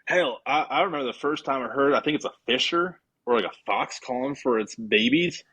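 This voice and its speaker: A husky-voiced podcast guest talks briskly in a mid-range register, casually recounting a lengthy story. He acts out the things he and his friends said with animated flair.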